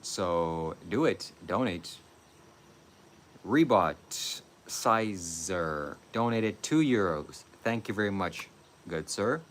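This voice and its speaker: A man making a slow, syrupy mock-spiritual pitch for donations on a comedic livestream. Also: animated, a little hiss or hum. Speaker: comic guru on a livestream.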